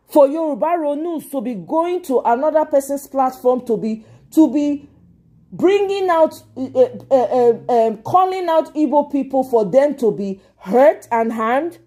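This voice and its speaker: A woman's voice: high voice, animated, normal speed, mellow. Nigerian woman ranting at her livestream chat. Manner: talks back to chat, exasperated. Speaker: livestream host. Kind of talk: casual livestream commentary.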